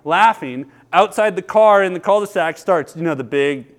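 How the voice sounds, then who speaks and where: High-voiced man preaching a sermon. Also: normal speed. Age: 30s. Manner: earnest, storytelling, lively with laughter. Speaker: pastor. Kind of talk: sermon with personal stories.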